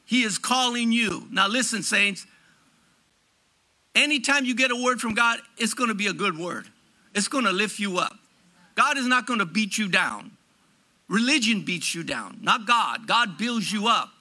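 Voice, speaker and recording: A man's voice: sits high, bright, forceful tone. A man preaching a sermon to his congregation, fervent and declaring, stretching out emphatic phrases.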